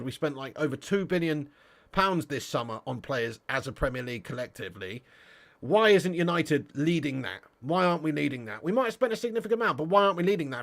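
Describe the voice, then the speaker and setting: A man with a fairly high voice hosts a football fan livestream in loose, casual chat. He rants, swears freely and banters with viewers as he reads out their comments. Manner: ranting, swearing, animated banter. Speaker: football fan channel host.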